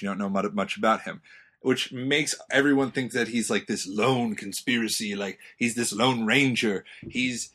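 A young man in casual conversation, talking in an excitable, rambling way that jumps up in pitch when he gets going. His voice sits at a middle pitch and he jokes as he goes. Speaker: podcast co-host. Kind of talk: casual chat.

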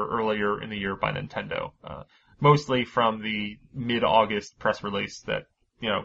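A man's voice: mid-range voice, vocal fry, lo-fi sound, a little hiss or hum. Casual, swearing male podcast host. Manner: energetic, swears freely, laughs often. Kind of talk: casual chat and news rundown.

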